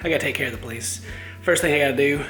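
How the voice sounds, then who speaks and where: A man's voice: mid-range voice, rapid-fire, echoey room, faint music behind. A young man in his twenties, a new dad, chatting casually in a home vlog and acting out voices as he tells a story. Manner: animated storytelling, acts out voices. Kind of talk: casual family vlog chat.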